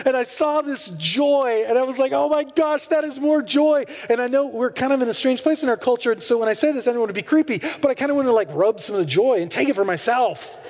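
A high-pitched man preaches with candid, animated storytelling and self-deprecating jokes. His voice carries through a large hall with a long reverb tail. He sounds relaxed and conversational. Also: fast talker, hardly any pauses. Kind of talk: sermon.

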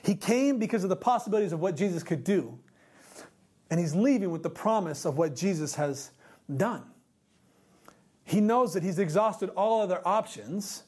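A pastor preaching a sermon, emphatic, repeating rhetorical questions and slowing down for key points. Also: medium pitch, expressive, darkish tone, breathy edge.

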